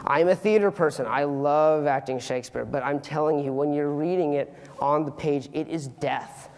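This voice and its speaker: A teenage boy giving an earnest, animated student talk on stage, with comic asides. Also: on the high side, normal speed, clean tone, big-room sound. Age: teens. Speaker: student speaker. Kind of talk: youth public talk. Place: auditorium stage.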